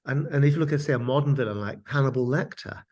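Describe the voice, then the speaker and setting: A man, an author, telling animated stories in an interview. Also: mid-range voice, fast. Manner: animated storyteller. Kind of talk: interview, anecdotal storytelling.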